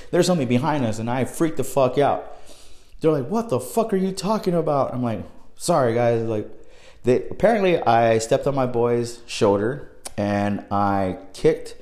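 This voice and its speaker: A young man telling a personal story in a casual, profane, animated way, dropping low and then bursting into loud exclamations. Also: roomy sound.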